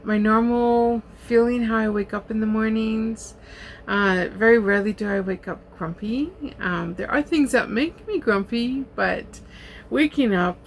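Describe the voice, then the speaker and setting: Casting note: older woman, homey vlogger, relaxed chatty delivery, slight gravel, faint background hiss. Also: mid-range voice. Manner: chatty, relaxed, many ums and uhs, laughs. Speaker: diamond art YouTuber. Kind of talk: casual chat answering tag questions. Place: home in an RV.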